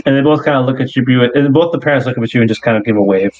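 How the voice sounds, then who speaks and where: The voice is middle-pitched and a little mellow: a game master narrating his tabletop game in an easygoing, unhurried way, full of "like" and minor restarts. The audio is dry, somewhat dull, and free of room sound.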